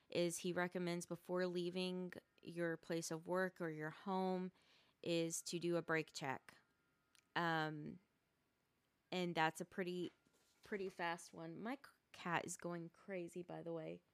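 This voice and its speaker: Low, smooth-voiced woman rambling on a podcast. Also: no room sound. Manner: rambling, stumbles and restarts often. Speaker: podcast host. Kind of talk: casual solo podcast monologue. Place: rural home.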